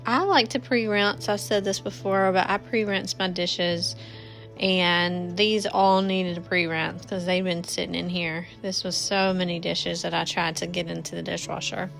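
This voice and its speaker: A woman's voice: fairly low pitch, steady tone, unhurried, creaky, a bit bright. A woman, chatting casually to viewers while cleaning her home kitchen. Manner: chatty, addresses viewers as y'all. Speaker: cleaning vlogger. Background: faint music.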